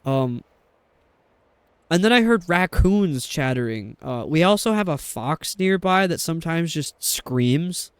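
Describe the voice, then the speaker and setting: A man's voice: fairly high pitch, expressive, unhurried, clean tone, no echo. A young adult man streaming a game, chatting in a rambling, casual way with lots of fillers. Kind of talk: casual chat while playing a game.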